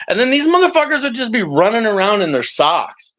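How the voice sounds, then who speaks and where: A man's voice: high voice, a little fast. A young man telling rowdy stories in a casual, profane chat as a guest on a live stream. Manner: profane, animated storyteller. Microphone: live-stream mic. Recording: dull lo-fi stream audio.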